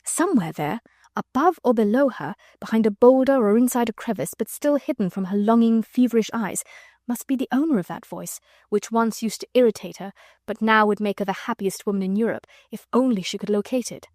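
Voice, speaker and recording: A woman reads a classic novel aloud in a measured, expressive storytelling voice. Her pitch sits in the middle range. The close mic gives a dry, intimate sound. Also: dry recording. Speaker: audiobook narrator. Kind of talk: scripted narration.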